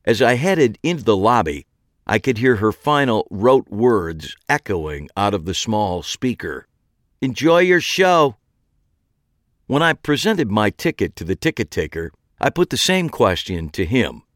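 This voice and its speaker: A man's voice: lowish voice, big pitch swings, moderate pace, no room sound. A man narrating a first-person story in a dry, wry way.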